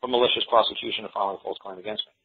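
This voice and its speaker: A man telling a story on a radio call-in show, acting out his exchanges with a judge in quick back-and-forth and restarting his sentences often. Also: fairly low pitch, breathy edge. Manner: quotes courtroom exchanges in animated back-and-forth; repeats himself with frequent restarts. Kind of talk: storytelling monologue. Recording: tinny phone-line radio recording.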